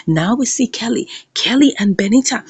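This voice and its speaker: Woman reviewer, high and lively, breathy edge, dramatic scene-by-scene retelling. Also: normal speed, dry recording. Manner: dramatic retelling, acting out characters' quotes. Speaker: series reviewer. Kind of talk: recap commentary.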